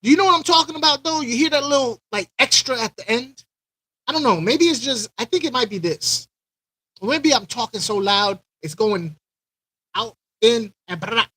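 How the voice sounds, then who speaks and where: High-voiced man chatting on a live stream. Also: lively intonation, moderate pace, bright, forceful tone, dry recording, poor audio. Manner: rambling, repeats himself, talks to viewers by name. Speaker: aquarium channel host.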